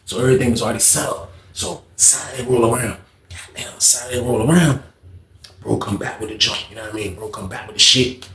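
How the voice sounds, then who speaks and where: A man's voice: mid-range voice, brisk, crowd noise. A man telling a casual storytime story, slangy and profane, acting out each person's lines. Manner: slangy, profane, acts out every voice. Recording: echoey room, faint ambience.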